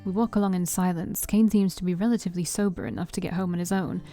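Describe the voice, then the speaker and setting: A woman's voice: fairly low pitch, quick pace, warm tone, soft background music. A woman reading a visual novel aloud as the main character, with wry asides.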